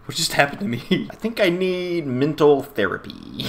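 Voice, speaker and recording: A man's voice: on the high side, animated, unhurried, creaky, sharp tone, a little hiss or hum. A man giving running commentary on a horror game while he plays, jumpy and swearing, talking to himself as he goes. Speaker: gamer.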